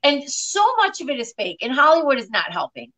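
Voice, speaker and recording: A middle-aged woman from Detroit, a comedian chatting in an interview, telling stories in an animated, quick way. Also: high-pitched, low-quality recording. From Detroit, USA. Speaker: comedian, guest. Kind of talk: casual interview chat.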